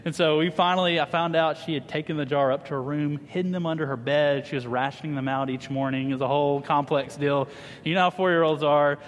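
Animated preacher in a reverberant hall. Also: male voice, fairly high pitch, quick pace, a little hiss or hum. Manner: animated, humorous storyteller addressing a congregation. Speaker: pastor. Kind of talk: sermon with personal storytelling. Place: church hall.

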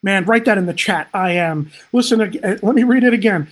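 Husky-voiced impassioned preacher. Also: medium pitch, brisk, few pauses. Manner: impassioned, swelling to emphatic peaks; frequent "man" interjections, direct address. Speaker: pastor. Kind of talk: livestreamed sermon.

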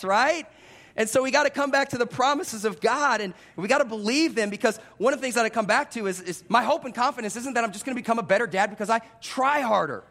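Thirties male pastor with a high voice; lively sermon delivery that mixes personal stories with audience asides. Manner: animated, self-deprecating storytelling with direct audience address.

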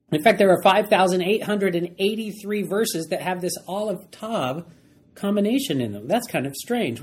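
A man leading a Bible study, talking quickly and with growing excitement as he drives each point home. His voice is husky, and he repeats key phrases for emphasis. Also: high-pitched. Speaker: Bible teacher.

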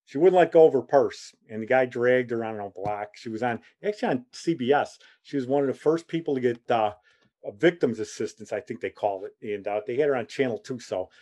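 A man's voice: medium pitch, a little fast. A man, telling family anecdotes in a rambling, chuckling way as a podcast host. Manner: rambling, chuckling, animated quoting. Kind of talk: casual anecdotal storytelling.

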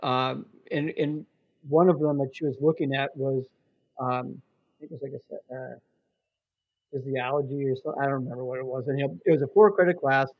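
A man co-hosting a casual podcast, telling a story with many ums and pauses. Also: medium pitch, steady tone, dull audio. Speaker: podcast co-host. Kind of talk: casual chat.

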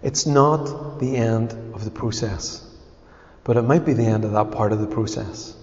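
A man, a pastor giving a conversational, animated sermon with asides to the congregation. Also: lowish voice, moderate pace. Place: church hall. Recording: echoey church hall, dull sound.

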